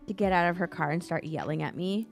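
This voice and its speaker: Woman telling an animated story. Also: lowish voice, fast talker, faint music behind. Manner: animated storytelling, quotes herself. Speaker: guest painter. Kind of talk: casual chat.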